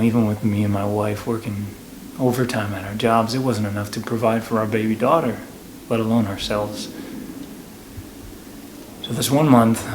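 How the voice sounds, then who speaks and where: A man playing a struggling working-class henchman and father, talking in halting, stammering bursts in a mock documentary interview. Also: lowish voice, background noise, natural voice. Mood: rueful. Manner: halting, stammering, full of restarts.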